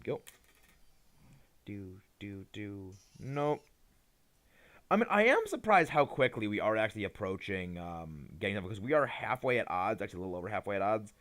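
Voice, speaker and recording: A man's voice: on the low side, lively intonation, normal speed, fairly bright tone. A tired young man chatting casually on a live game stream, rambling and hesitant, often restarting his sentences. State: tired, yawning.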